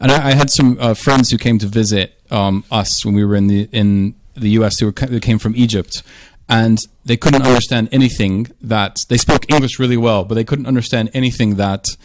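A man's voice: fairly low pitch, brisk, few pauses. An American man from the southern United States hosting a radio talk, thinking aloud with frequent restarts. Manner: thoughtful, hesitant with restarts. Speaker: host. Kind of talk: casual radio conversation.

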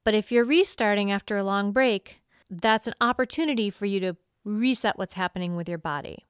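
A woman teaches fiddle on a podcast in a friendly, instructional way, laughing often and singing bowing rhythms aloud. Her medium-pitched voice is brisk and smooth, with clean studio sound and no echo.

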